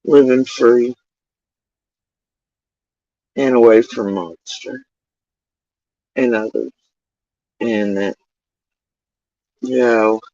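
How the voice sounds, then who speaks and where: A man's voice: lowish voice, darkish tone, no echo. A middle-aged man livestreaming casual, meandering chat, often swearing. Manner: profane, meandering, drawn-out. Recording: dull lo-fi dry sound.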